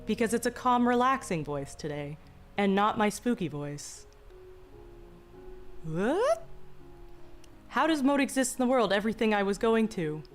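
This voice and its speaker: A young woman streaming, speaking in a slow, deliberately calm, mock-soothing way with a touch of vocal fry, joking with chat. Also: mid-range voice. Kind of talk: casual live-stream chat. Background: faint background music.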